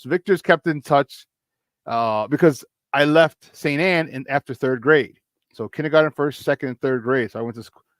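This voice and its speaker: Male morning sports host, Chicago accent, chatty and repetitive, dry studio sound, mid pitch. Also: dry recording. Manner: energetic, chatty, repeats himself for emphasis. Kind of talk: casual sports talk.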